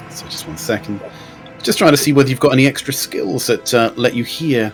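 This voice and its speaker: A man running a tabletop game as game master, explaining options in a lively, jokey way. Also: mid-range voice, normal speed, faint music behind.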